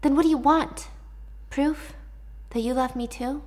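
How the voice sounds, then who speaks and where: A woman voicing a needy, manipulative young woman in captivity, talking softly and pleadingly. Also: sits high, steady tone, a little slow, pitched above the performer's own voice.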